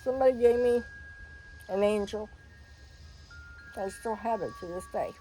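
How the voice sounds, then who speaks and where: An older woman telling a personal story in a frank, animated way, laughing and swearing freely. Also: medium pitch, moderate pace, faint music behind, rough recording.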